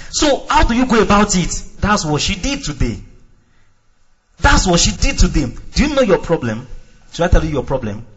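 Male pastor, high lively voice, dull lo-fi sound, acts out scenes and shouts. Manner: animated, acts out dialogue, shouts and drops to quiet asides. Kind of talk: sermon.

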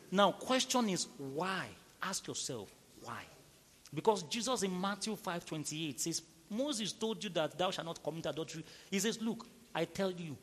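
Man, pastor, husky voice, fairly high, emphatic sermon delivery, echoey hall. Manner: emphatic, swings from loud rhetorical questions to low intimate tones.

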